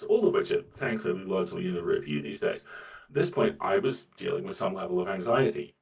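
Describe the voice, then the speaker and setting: A man with a British accent and a soft, mellifluous voice chats casually as an interview guest, often repeating words as he goes. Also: sits low. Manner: rambling, with frequent repeats of words. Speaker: voice actor guest. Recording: muffled, distant mic.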